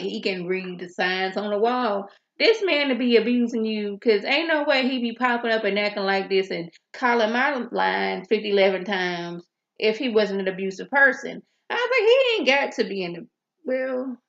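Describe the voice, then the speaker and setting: A woman's voice: mid-range voice, creaky, a bit bright, reverberant, muffled recording. Sassy woman recapping a TV episode. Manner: chatty, sassy asides, acts out characters' lines. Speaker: TV episode reviewer. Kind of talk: casual recap and commentary.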